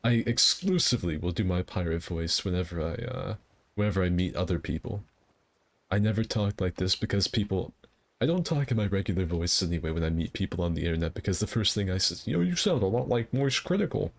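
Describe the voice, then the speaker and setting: Deep gravelly man streaming a game. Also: fast. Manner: rambling, self-deprecating chatter. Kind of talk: casual gameplay commentary.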